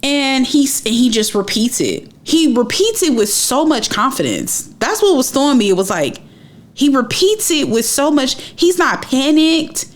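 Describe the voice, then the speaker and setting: Young woman, storytime narrator, animated and emphatic, conversational. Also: on the high side. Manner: animated, emphatic retelling with repeated phrases. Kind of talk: personal storytime.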